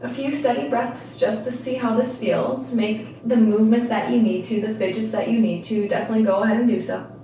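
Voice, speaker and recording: A woman's voice: on the high side, brisk, slight background noise. Yoga teacher lady talking you through breaths, chill and chatty, sounds roomy and kinda far from the mic. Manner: calm cueing with casual rambling asides. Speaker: yoga instructor. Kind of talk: guided yoga class. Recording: echoey room, mic at a distance.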